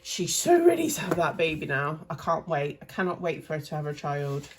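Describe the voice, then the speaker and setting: A woman's voice: low voice, very animated, a little fast, slight background noise. A woman in her thirties, chatting casually and rambling as she sorts cash into budget envelopes. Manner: chatty and rambling, self-correcting. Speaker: cash stuffing vlogger. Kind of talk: casual chat while budgeting.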